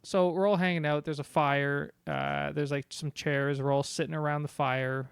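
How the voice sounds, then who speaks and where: Deadpan male co-host. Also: fairly high pitch, normal speed, creaky, smooth, no echo. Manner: deadpan, dry jokes. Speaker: podcast co-host. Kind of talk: casual chat.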